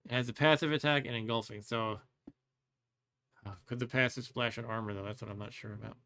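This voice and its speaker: A man's voice: mid-range voice, fairly even intonation, brisk, pushed and bright. A man hosting a let's play, thinking aloud as he plays, musing and second-guessing himself with wry complaints and frequent chuckles. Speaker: host.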